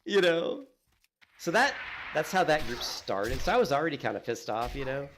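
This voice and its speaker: A man streaming a game, chatting casually and telling animated stories, acting out what others said and filling in with "you know" and "like". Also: a little high, a little slow, background noise. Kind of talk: casual gaming stream chat.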